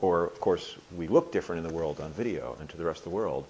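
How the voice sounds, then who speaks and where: A man in his sixties answering interview questions thoughtfully, pausing and restarting, now and then acting out his own inner voices with playful emphasis. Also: sits low, a little mellow, rough recording. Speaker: interview guest, workshop alumnus.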